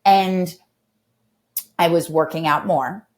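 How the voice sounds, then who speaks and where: Brief: thirties woman, podcast guest, lowish voice, animated and heartfelt storyteller. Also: slow pace. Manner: animated, acts out quoted voices, emotional. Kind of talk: candid conversational storytelling.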